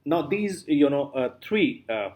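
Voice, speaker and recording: A man's voice: fairly high pitch, very animated, a little slow, a little mellow. A man giving a classroom lecture, repeating example words aloud with strong stress and often saying "you know" and "uh". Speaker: literature lecturer.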